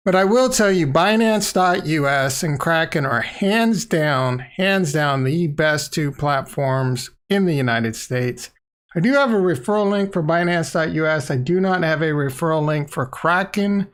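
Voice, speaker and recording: A man's voice: fairly high pitch, expressive, measured pace, clean tone. Rambling, blunt crypto vlogger man. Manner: loose, rambling, playful, blunt. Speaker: crypto YouTuber. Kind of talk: casual livestream talk. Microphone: desk microphone.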